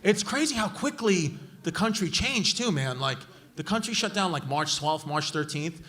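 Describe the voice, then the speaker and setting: A man doing loud, profane stand-up crowd work, roasting hecklers on a comedy club stage. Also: sits high, animated, moderate pace. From Brooklyn, New York. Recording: live club audience noise. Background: laughing club audience.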